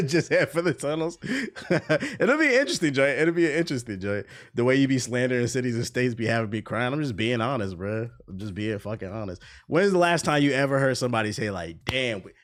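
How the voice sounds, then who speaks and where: A man hosting a livestream, ranting bluntly and profanely in casual chat to his viewers, often breaking into laughter. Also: mid-range voice. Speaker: livestream host.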